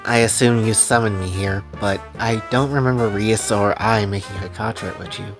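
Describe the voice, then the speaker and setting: A man voicing a wary, blunt young anime girl, asking suspicious questions in a low, quiet tone. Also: fairly even intonation, moderate pace, over music, close to an everyday voice.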